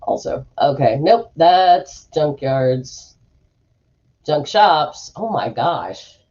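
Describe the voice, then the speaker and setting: A woman's voice: low voice, big pitch swings, extremely slow, warm tone, dull audio. A woman hosting a stream from a room at home, rambling in casual chat with lots of fillers and asides while reading an article aloud. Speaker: streamer host.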